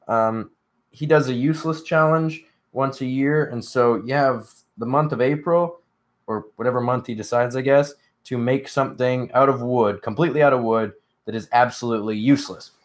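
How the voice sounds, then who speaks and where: A man's voice: medium pitch, moderate pace. Young male streamer, tired and yawning, loose rambling chat to viewers, mid-range voice. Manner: rambling, filler-heavy, reads chat aloud. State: sleepy, yawning. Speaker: livestream host. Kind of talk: casual live stream chat.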